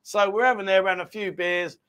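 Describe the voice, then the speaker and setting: Chatty, high-voiced host. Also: male voice, brisk, smooth. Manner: chatty, rambling, animated storytelling. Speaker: livestream host. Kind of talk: casual live chat.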